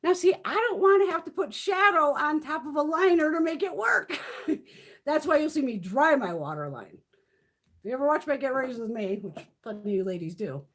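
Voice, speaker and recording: A woman's voice: high-pitched, big pitch swings, moderate pace. A middle-aged woman chatting casually on a live stream from home, swearing freely and cooing at her cats. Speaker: beauty vlogger.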